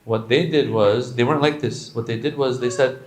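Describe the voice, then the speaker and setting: A man giving a conversational, animated religious lecture with slangy asides and Arabic recitation. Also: mid-range voice, a little fast. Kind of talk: sermon.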